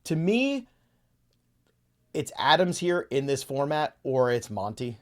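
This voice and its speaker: A man's voice: mid-range voice, animated, moderate pace. Guy hosting a podcast, average voice, just chatting and running down lists. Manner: rattles off lists of names, thinking aloud. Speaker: podcast host. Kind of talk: casual fantasy football chat.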